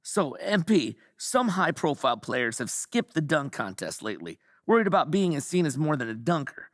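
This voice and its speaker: An inquisitive sports reporter presses a player with formal questions in a game cutscene. His voice is somewhat high and lively in pitch, with a dry, close sound. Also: moderate pace, no room sound. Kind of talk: video game cutscene dialogue.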